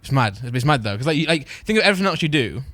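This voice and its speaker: Animated, fast-talking young man. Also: no room sound. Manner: laughing storyteller with bursts of high excitement. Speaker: podcast co-host. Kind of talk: casual chat.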